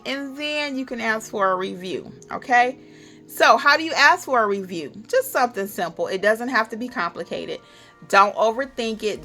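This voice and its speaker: Woman notary educator, bright and a touch high, chatty how-to delivery, faint music bed. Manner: chatty, animated, acts out little client dialogues. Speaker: notary educator and channel host. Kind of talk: upbeat how-to tips to camera.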